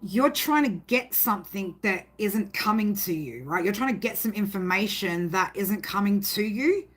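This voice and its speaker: With a mid-range voice, lively intonation and a moderate pace, this tarot reader talks through a casual reading. Her delivery is rambling and emphatic, full of swearing, and she often tags her sentences with "right?".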